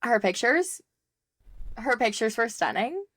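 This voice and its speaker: A woman's voice: on the high side, big pitch swings, a little slow, fairly bright tone, husky, no echo. A young woman co-hosting a casual podcast chat over a video call, chatty and full of fillers and laughs. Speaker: podcast co-host.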